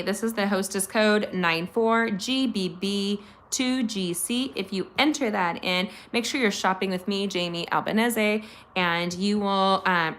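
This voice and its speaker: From her home craft room, a middle-aged woman with a medium-pitched, slightly bright voice runs a chatty live card-making tutorial for her craft channel. She gushes over her supplies and talks directly to her viewers.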